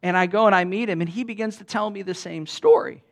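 A man with a slightly high voice preaches a sermon, telling stories from mission travel. He talks in an earnest, animated way, full of restarts, and sinks to a quiet hush at the tender parts. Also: fast. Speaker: pastor. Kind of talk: sermon storytelling.

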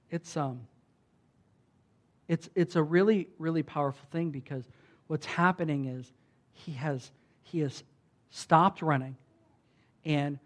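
A pastor preaching a sermon in an animated, conversational way, swinging between loud emphasis and hushed asides, with many restarts. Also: medium pitch. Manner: conversational, with frequent restarts and filler like "like".

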